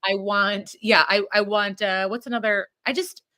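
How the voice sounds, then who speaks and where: Exasperated bright woman. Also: medium pitch, steady tone, normal speed. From Buffalo, New York area. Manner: exasperated, groaning, sarcastic. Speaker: podcast co-host. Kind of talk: casual chat.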